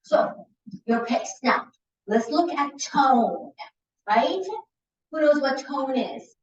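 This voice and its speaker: A woman's voice: high voice, expressive, takes it slowly. A middle-aged woman giving a seminar to a class as a communication coach, demonstrating points by shifting her tone and pace. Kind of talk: lively presentation to a class. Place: lecture room. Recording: roomy, distant, dull lecture-hall recording.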